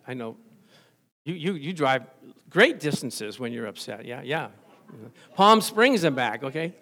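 Male pastor, middle-aged, high voice, lively storytelling sermon to the congregation. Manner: storytelling, animated, jokes with congregation. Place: church before a congregation.

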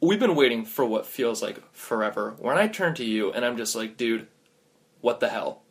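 A man narrates a silly adventure in casual comic storytelling, often breaking into laughter. His delivery is animated, with wide swings in pitch. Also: a little fast.

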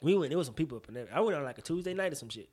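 A man in his thirties co-hosting a casual podcast, talking about movies in an animated, slangy, profane way. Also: fairly high pitch, racing, husky. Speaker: podcast co-host.

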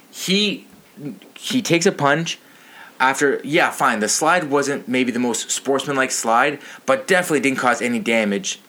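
A man's voice: mid-range voice, sharp tone. A man ranting about sports to his channel's viewers, outraged, profane and a little tipsy.

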